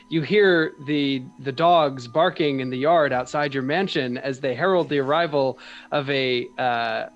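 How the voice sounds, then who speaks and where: A man's voice: mid-range voice, a bit bright, lo-fi sound. A man narrating a tabletop game as game master, hesitant and full of fillers.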